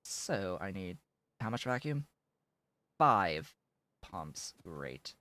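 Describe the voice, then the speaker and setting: Low, slow man losing his voice. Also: sing-song, pushed and bright, no echo. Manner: mumbling to himself while building. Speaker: game streamer. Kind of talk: casual gameplay commentary.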